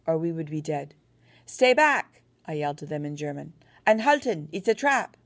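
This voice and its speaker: Reading a first-person war novel aloud, this audiobook narrator keeps a steady, earnest storytelling tone. She has a deep voice with vocal fry.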